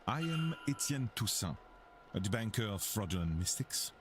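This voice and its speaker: A man voicing a formal male French academic and debunker, with a put-on French accent and a measured, probing manner. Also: fairly low pitch, sing-song, noisy background. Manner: measured, formal, slow questioning. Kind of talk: reading game dialogue aloud.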